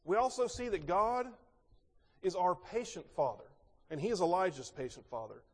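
A man with a high-pitched voice delivers a sermon, posing rhetorical questions and swinging from emphatic to hushed. His voice carries a long reverb, as if from a large hall. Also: normal speed, husky. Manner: expressive, rhetorical questions, swings between loud and soft. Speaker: pastor.

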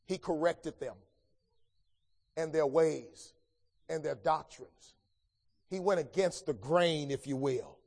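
A man preaching a sermon, swinging between loud emphatic lines and hushed, low passages. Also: long reverb tail.

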